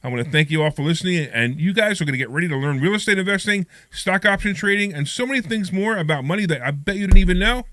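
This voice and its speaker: A man hosting a live radio talk show, chatty and energetic, talking from a studio. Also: high-pitched, fast talker, few pauses, no echo. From United States.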